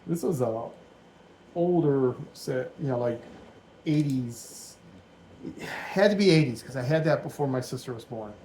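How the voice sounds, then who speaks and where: A man's voice: medium pitch, lively intonation, measured pace, a little mellow, a little hiss or hum, low-quality recording. A man in his forties giving casual, rambling commentary while he builds a Lego set at home, thinking aloud as he goes. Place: dim room at home.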